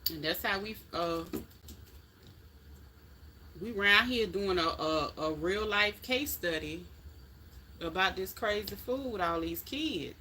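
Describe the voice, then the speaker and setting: Bright-voiced chatty woman streamer. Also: mid-range voice, lively intonation, slow, pauses often, slight background noise. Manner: chatty, folksy, talks straight to viewers. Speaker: livestream host chatting with viewers. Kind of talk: casual live chat.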